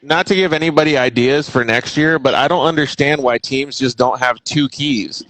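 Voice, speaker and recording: A man's voice: mid-range voice, normal speed, a bit bright, low-quality recording. A man hosting a casual chat show, talking in a laid-back, slangy, rambling way. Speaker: host.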